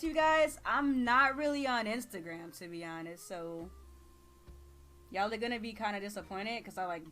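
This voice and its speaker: Tired Texan woman in her thirties, laid-back slangy streamer chatter with a bright edge and soft music underneath. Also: medium pitch. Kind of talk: casual live-stream chat.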